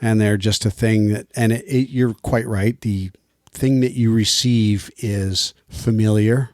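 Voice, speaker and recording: Low-voiced guy on a podcast, dry mic, agreeable, lots of short reactions. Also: fairly even intonation, a little slow, a little mellow, dry recording. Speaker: podcast co-host. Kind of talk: casual chat.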